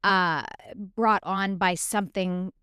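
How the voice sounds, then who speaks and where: A woman with a smooth, clear voice hosts a podcast, asking her guest questions with plenty of ums and restarts. Her pitch sits in the middle of the range, and the recording is close and dry. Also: fairly even intonation, takes it slowly, no echo. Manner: warm, hesitant questioning with many fillers. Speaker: podcast host. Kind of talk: casual interview chat.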